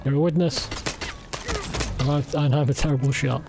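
A man's voice: on the high side, fairly even intonation, normal speed, noisy background. A man streaming a game, giving casual, self-deprecating commentary with many fillers.

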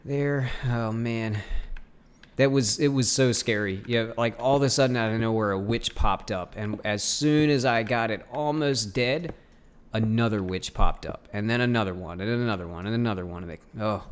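A man's voice: on the low side, clear, resonant tone. A man hosting a let's play video, chatting casually with viewers as he plays. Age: adult. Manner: unhurried, chatty, talking to viewers. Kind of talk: casual game commentary.

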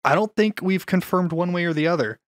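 A man's voice: high-pitched, brisk, no echo, clean studio sound. A man chatting casually while playing a video game with a friend, musing and trailing off mid-thought. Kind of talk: casual gameplay commentary.

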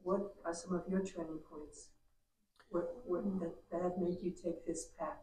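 An interviewer asking questions in an earnest, halting way. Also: medium pitch, flat delivery, mellow, roomy sound, low-quality recording.

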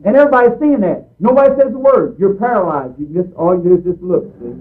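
A man's voice: high-pitched, lively intonation, fast talker. A man preaching a fervent sermon in a folksy, emphatic way, repeating his points over and over. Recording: tinny phone-like recording.

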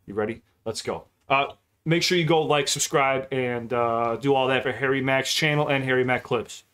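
A man's voice: medium pitch, steady tone, fairly bright tone, a little hiss or hum. A man giving casual, unscripted reaction commentary on a rap video, swearing freely, hyping his viewers and stopping to explain the lines. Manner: jumps in to pause and explain the rap. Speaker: music reaction YouTuber.

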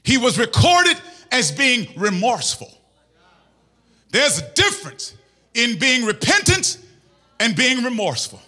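High, fervent preaching man. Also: huge pitch swings, measured pace, pauses often. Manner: impassioned preaching, shouting and half-singing phrases. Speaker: pastor. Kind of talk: sermon. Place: church.

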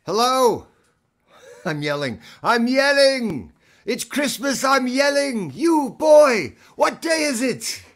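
A man putting on a giddy old man who shouts for a Christmas goose in a high, drawn-out voice. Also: lively intonation, vocal fry, full character voice. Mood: gleeful yelling.

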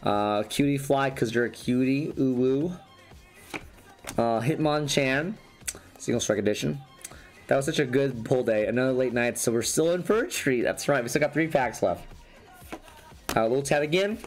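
A man's voice: mid-range voice, moderate pace. A man losing his voice, chatting casually as he opens trading card packs and rambles through each card. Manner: rambling, restarts sentences. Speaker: YouTuber opening trading cards. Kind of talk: casual card-opening commentary. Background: faint background music.

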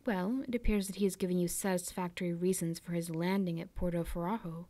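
Sly, insinuating jealous clerk, low voice, as a woman reads him. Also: fairly even intonation, quick pace, mellow, close to an everyday voice.

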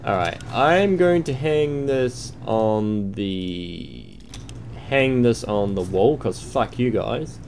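A man's voice: on the low side, animated, takes it slowly, gravelly, darkish tone, a little hiss or hum. A man thinking aloud and swearing as he comments on his own game play, sarcastic and crude. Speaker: let's play host. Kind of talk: gameplay commentary.

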